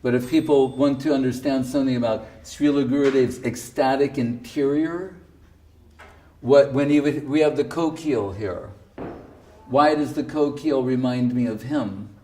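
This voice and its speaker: A male spiritual teacher, seated, giving a devotional sermon with provocative, animated storytelling and frequent laughter. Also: medium pitch, moderate pace, distant mic, a little hiss or hum. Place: indoor temple hall, seated.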